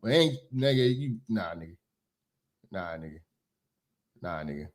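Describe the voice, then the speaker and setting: A man doing profane reaction commentary in an animated, ranting manner. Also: low voice, a little slow. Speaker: commentary streamer.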